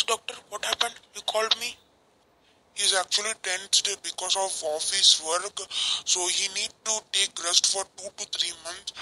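A woman reads lines for a homemade cartoon in a plain, simple way. Her pitch sits in the middle of her range, and her tone is bright and crisp. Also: rough recording. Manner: plain, simple line reading.

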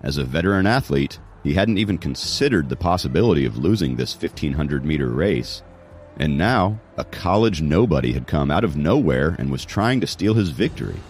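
Deep-voiced male audiobook narrator. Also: lively intonation, moderate pace, a little mellow, faint music behind. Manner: dramatic storytelling. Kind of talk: scripted narration.

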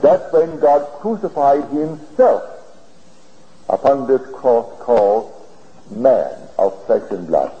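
A man giving a spiritual lecture, telling his story in an earnest, deliberate way, heard on an old archival tape. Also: mid-range voice, lively intonation, dark tone. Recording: old archival lecture tape, dull and hissy, in a reverberant hall.

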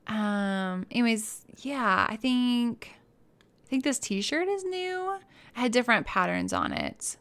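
A woman live-streaming a game from her room at home, chatting casually into a desk microphone. She gushes and chats, drifting between soft murmured asides and excited squeals. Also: a little high, slow pace. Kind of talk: casual live-stream chat while playing.

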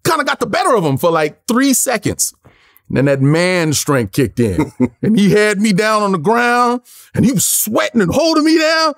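A man's voice: brisk, dry recording, clean studio sound. A man in his forties, an interview guest, telling a story in casual slang and acting out the quotes. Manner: lively, acts out quotes with big pitch jumps, casual slang. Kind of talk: animated storytelling.

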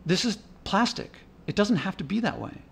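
Here a man's high-pitched, husky voice with vocal fry comes through at a moderate pace, very animated. He's a vlogger narrating park footage casually, thinking out loud with restarts and getting heated in an indignant, rambling way.

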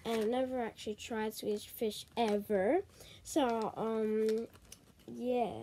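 A woman chatting excitedly in a casual snack taste-test vlog, full of ums and likes. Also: a little high, slow pace, slight background noise. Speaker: vlogger.

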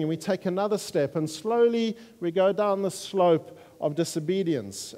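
Male preacher, earnest and halting, mellow tone, long reverb of a church hall. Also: high voice. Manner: earnest, halting, with frequent fillers. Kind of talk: sermon.

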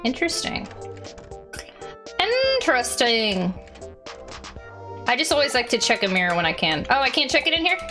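Lively-pitched woman gaming commentary. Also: rapid-fire, few pauses, over music. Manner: reads game text aloud, chatty and excitable. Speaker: let's play gamer. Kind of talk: casual game commentary.

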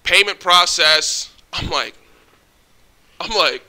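Young adult male vlogger, animated storyteller, cursing, sharp bright tone. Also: high voice, slow pace. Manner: excitable, profane, animated. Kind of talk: casual storytelling.

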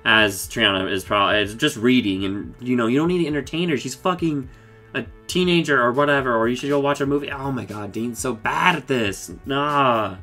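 Man, casual recap, excitable, rambling, swears a lot, average pitch, faint music behind. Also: moderate pace. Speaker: show reviewer.

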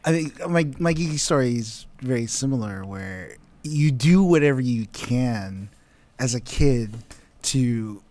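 A man as a podcast guest, telling a childhood story in relaxed casual chat with laughs. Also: mid-range voice, measured pace.

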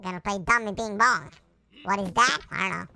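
A performer voicing a cartoon chipmunk character who gives playful, taunting gameplay commentary through a sped-up chipmunk pitch effect. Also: a little fast, creaky, background noise. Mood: excitable. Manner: chatty, taunting, sing-song, silly exclamations. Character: hyper cartoon chipmunk gamer, squeaky and excitable. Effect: sped-up chipmunk pitch shift. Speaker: let's play host.

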